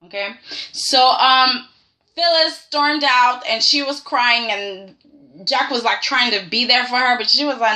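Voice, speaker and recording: A woman's voice: on the high side, measured pace, background noise. A woman chatting casually in a review video, sassy and emphatic, who often ends her lines with "okay?". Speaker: soap opera reviewer.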